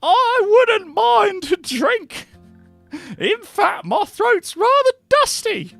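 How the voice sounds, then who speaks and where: A squeaky high theatrical tavern guest. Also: male voice, big pitch swings, very slow, creaky, bright, forceful tone, no echo, faint music behind, full character voice.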